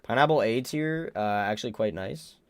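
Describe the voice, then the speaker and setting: A young man with a lowish voice talks on a casual live stream, his pitch jumping around a lot as he rambles, stammers and gives blunt joking verdicts. The sound is smooth and close, with a dry, dead room and no echo. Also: animated, normal speed. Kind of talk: casual livestream chat.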